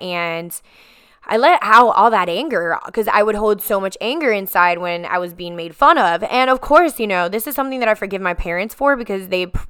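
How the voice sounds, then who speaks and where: A woman's voice: mid-range voice, sharp tone, smooth, no room sound, studio quality. A woman hosting a podcast, telling a personal healing story in an emphatic, repetitive way and addressing listeners as guys. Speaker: podcast host.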